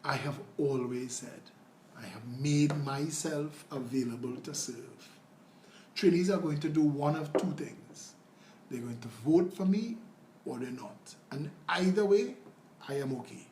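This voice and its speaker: A man's voice: on the high side, measured pace, mellow. Earnest Trinidadian man in a roomy space. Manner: earnest, rambling, conversational. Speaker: political candidate. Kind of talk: casual livestream talk, answering viewer comments. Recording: roomy with faint noise.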